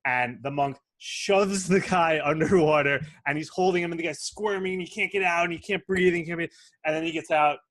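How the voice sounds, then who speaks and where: A young man hosting an interview, telling stories in an energetic, animated way. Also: fairly high pitch, brisk, no echo. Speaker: host. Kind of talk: interview with storytelling.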